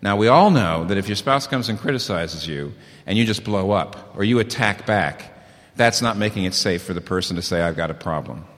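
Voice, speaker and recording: A man's voice: low voice, animated, a little fast, fairly bright tone. A middle-aged man preaching on marriage, emphatic and repeating his key points. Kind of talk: sermon on marriage. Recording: long hall reverb.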